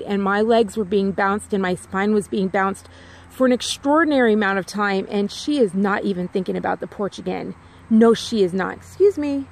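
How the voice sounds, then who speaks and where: A woman vlogger in a casual, rambling chat, talking outdoors near her home and repeating herself with lots of "like"s. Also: medium pitch.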